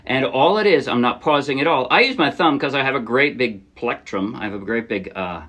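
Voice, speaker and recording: A man's voice: medium pitch, animated, fairly quick. A man teaching a ukulele song in a casual tutorial, explaining patiently step by step and encouraging beginners. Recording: ukulele playing loudly under voice.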